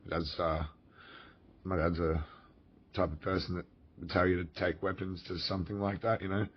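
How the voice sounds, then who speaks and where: A man's voice: low-pitched, level tone, moderate pace, husky. An Australian man telling a personal story in a casual, rambling, profane way, full of fillers and restarts. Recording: dull lo-fi recording.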